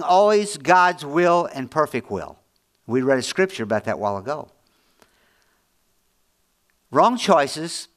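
Middle-aged male pastor, slightly high-pitched, earnest folksy sermon delivery with repetition and hushed emphasis. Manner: repetitive, earnest, folksy preaching that drops low and quiet.

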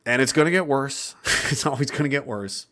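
A man's voice: medium pitch, lively intonation, fairly quick, pushed and bright. A man speaking to his viewers in an impassioned, profane, rambling monologue. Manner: profane, rambling, fervent, with restarts. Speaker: online commentator.

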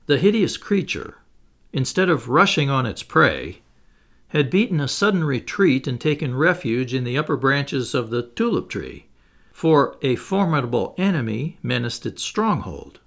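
A man's voice: mid-range voice, very animated, normal speed, fairly bright tone. Man narrating a classic novel. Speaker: audiobook narrator. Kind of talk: scripted narration.

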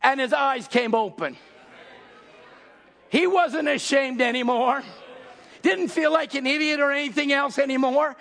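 A man preaching an impassioned sermon, acting out scenes and shouting at the peaks. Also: extremely high pitch, a little slow, vocal fry, long pauses.

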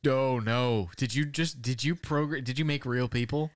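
A man hosting a comedy podcast, excitable and incredulous, swearing often. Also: mid-range voice, moderate pace, dry recording, studio quality. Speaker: podcast host. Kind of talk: improvised comedy chat.

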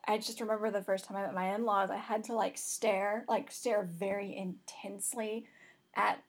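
A woman's voice: medium pitch, fairly even intonation, normal speed. A woman in casual chat, talkative and prone to laughing and rambling tangents.

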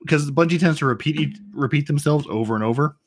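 A man's voice: a little high, fast, crowd noise. A man co-hosting a gaming podcast with dry, sarcastic humor. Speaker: podcast co-host. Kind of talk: casual gaming podcast chat.

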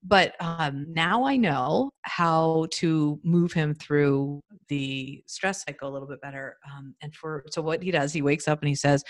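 A woman in her fifties talking earnestly in a casual podcast interview over a remote call, in short halting phrases. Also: deep voice. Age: 50s. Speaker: guest. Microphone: remote audio call.

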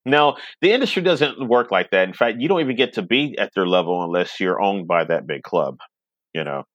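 A man's voice: sits low, expressive, brisk, a bit bright, no room sound, lo-fi sound. A middle-aged man chatting casually in a podcast conversation, rambling and laughing often. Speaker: web radio station owner, podcast guest.

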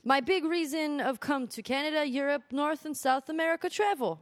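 A woman voicing an earnest young male job applicant with a Korean accent, reading his letter in halting broken English. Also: sits high, dry recording, clean studio sound, close to an everyday voice.

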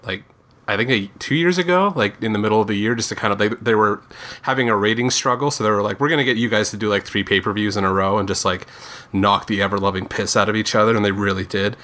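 A man's voice: lowish voice, quick pace, pushed and bright. A man co-hosting a podcast in casual chat, rambling with many fillers and restarts. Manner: rambling, lots of likes and restarts. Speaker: podcast co-host.

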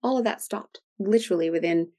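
A middle-aged woman with a warm, mellow voice talks through her points as an interview guest. She explains in a chatty, flowing way and keeps checking in with "right?". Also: mid-range voice, a little fast. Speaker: guest expert on food sensitivities. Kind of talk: conversational interview.

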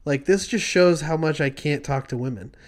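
A young man co-hosting a podcast, telling stories in a loose, animated way, laughing often and acting out voices. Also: a little high, normal speed. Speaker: podcast co-host. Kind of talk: casual chat.

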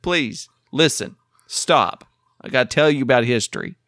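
Animated bright-voiced man rambling excitedly. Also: medium pitch, moderate pace, dry recording, clean studio sound. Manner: excitable, rambling history explainer. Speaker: podcast co-host. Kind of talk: casual chat.

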